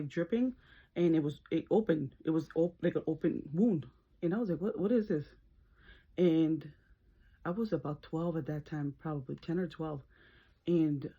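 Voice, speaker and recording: A woman vlogger telling a story in a casual, chatty way while doing her makeup, laughing as she talks. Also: muffled recording. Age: adult, works as a nurse. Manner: chatty and animated, laughs, slips into high-pitched screams when retelling. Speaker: beauty vlogger.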